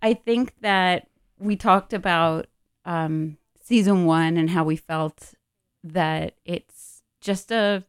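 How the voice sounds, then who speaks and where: A woman's voice: fairly low pitch, takes it slowly, clear, resonant tone, no echo. A woman co-hosting a casual radio talk show from a studio, chatty and rambling, often giggling.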